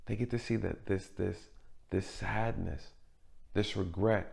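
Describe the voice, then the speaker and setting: A man's voice: lowish voice, fairly even intonation, measured pace, creaky, long pauses, a little mellow. A man hosting a commentary review, earnest and asking rhetorical questions. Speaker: commentary host. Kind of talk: courtroom video commentary.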